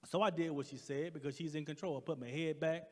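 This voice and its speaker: A middle-aged man doing stand-up comedy on a stage, telling a story animatedly and getting loud for punchlines. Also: on the high side, fairly even intonation, fast. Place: church hall stage with audience. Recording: reverberant hall.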